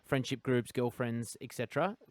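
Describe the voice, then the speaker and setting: A man's voice: medium pitch, normal speed, darkish tone, no echo. A man hosting a conversation, asking long, thoughtful questions that set up his topic. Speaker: podcast host. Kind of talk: conversational interviewing.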